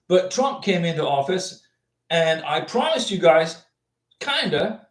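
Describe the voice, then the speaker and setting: A fairly high-voiced man chatting casually on a livestream, answering viewers in a rambling, repetitive way. He sits back from the microphone in a roomy office, so his voice carries a noticeable echo. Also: far from the mic. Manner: chatty, rambling, repeats himself often. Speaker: livestream host answering visa questions. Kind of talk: casual livestream chat reading viewer comments. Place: home office with a cat.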